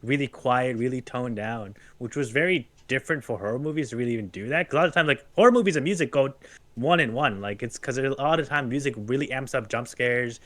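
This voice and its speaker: Man, casual podcast talk, dry close sound, stops and restarts a lot, mid pitch. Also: a bit bright, no room sound. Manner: halting, many restarts and "like" fillers. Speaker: podcast panelist. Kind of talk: casual chat.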